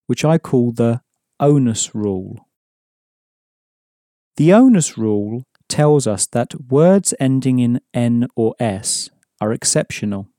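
A man teaching a language lesson in measured, scripted narration, explaining rules and repeating key points. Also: medium pitch, mellow, no room sound, clean studio sound.

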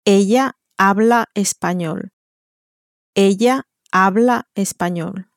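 A woman's voice: mid-range voice, slow, no echo, clean studio sound. A woman in an audio language lesson, modeling each answer by saying it twice. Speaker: native speaker modeling answers.

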